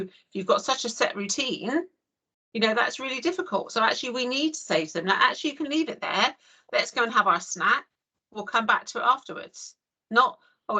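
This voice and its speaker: A woman's voice: mid-range voice, sharp tone. An English woman leading an online training session over a video call, chatty and full of "you know". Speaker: early years trainer.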